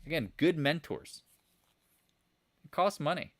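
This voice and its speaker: A man hosting a live market chat, excitably answering viewer questions and talking straight to his viewers. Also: fairly high pitch, a little slow. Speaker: trading channel host.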